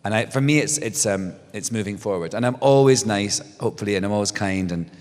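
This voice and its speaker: Guy in his middle years chatting on stage, lowish voice, big reverby hall, jumpy animated storytelling. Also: a little fast. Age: middle-aged. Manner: animated storyteller, restarts, laughs often. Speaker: guest author. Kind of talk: casual onstage conversation. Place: stage before a live audience.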